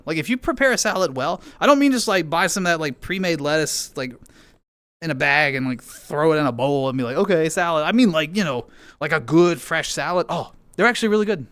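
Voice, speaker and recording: A man's voice: fairly high pitch, a bit bright, no echo. A man streaming, chatting casually and rambling playfully to his viewers while playing a game. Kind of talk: casual chat with chat.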